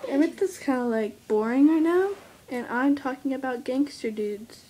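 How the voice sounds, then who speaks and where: A woman's voice: sits high, animated, normal speed, dark tone. A female vlogger chatting casually to camera in a chatty, mock-dramatic, giggly way. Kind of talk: casual vlog chat.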